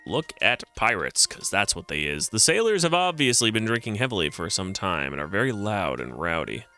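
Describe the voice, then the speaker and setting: A man's voice: fairly low pitch, very animated, fairly quick, pushed and bright, faint music behind. A man streaming a retro adventure game, joking around and reading the game's text aloud. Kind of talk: casual game commentary.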